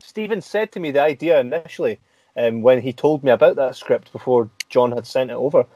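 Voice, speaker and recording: A Scottish man hosting a casual podcast interview, chatty and quick to laugh, often restarting his sentences. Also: medium pitch, dark tone, highs cut off. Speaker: podcast host.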